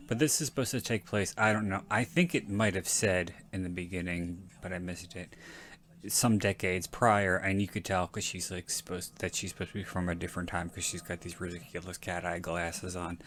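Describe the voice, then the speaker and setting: Male podcast host, deep voice, rambling frank film commentary, casual swearing. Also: fairly even intonation, moderate pace, fairly bright tone.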